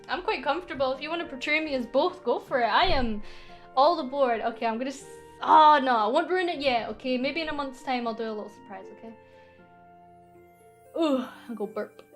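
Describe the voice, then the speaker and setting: A young Scottish woman streaming a casual, teasing Q&A with her chat, playful and quick to giggle. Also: high voice. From Scotland. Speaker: VTuber streamer.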